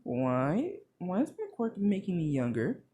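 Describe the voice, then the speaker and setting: A man voicing a panicked teenage boy hero who yelps his pleas in a high voice. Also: huge pitch swings, a little slow, warm tone, slightly rough, heavily acted.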